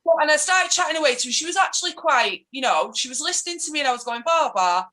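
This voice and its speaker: Mancunian woman activist, fiery and chatty, slightly high-pitched. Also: lively intonation, pushed and bright, poor audio. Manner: passionate, ranting, quick to mimic others. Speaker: activist guest. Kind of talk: casual political interview.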